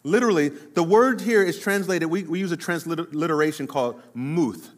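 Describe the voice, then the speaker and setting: A middle-aged pastor preaching a sermon to his congregation, slowing down and drawing out words for emphasis. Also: on the high side. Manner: preaching to a congregation, addressing the room directly; slows down and draws out words for emphasis.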